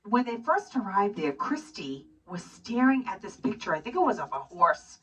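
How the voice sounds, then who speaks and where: A woman's voice: medium pitch, normal speed, husky. A middle-aged woman in casual chat, rambling through a movie story and acting out the characters' lines. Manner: rambling, animated storytelling with acted-out quotes. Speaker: co-host recapping a movie. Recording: distant mic with hiss.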